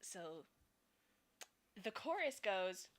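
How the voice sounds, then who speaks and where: Very animated and drawing out her words, this young woman speaks at a medium pitch. A streamer and fan artist, she chats loosely while drawing, thinking aloud and giggling between fillers.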